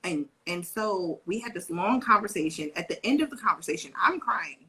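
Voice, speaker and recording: A woman's voice: medium pitch, moderate pace, husky, rough recording. A woman co-hosting a live video chat on parenting, talking casually and acting out voices from her family life. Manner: animated storyteller, acts out her daughter's voice. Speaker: co-host and parent educator.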